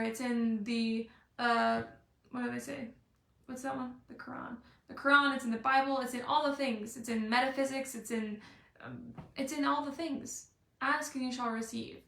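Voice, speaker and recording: Bubbly, playful young woman coach talking live; high voice with some vocal fry, roomy sound. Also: a bit bright. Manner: bubbly and playful, acts out little scenes. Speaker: life and business coach. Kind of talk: motivational live video talk.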